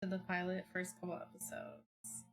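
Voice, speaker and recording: A young woman chats with her stream viewers from home in a rambling, filler-heavy way. Her voice sits a little low, and she breaks into excitable bursts. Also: moderate pace, faint music behind. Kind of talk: casual chat with viewers.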